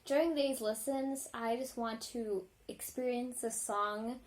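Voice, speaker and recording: A woman vlogger reacting to music in a casual, rambling chat, full of ums and likes and quick apologies. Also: a little high, fairly even intonation.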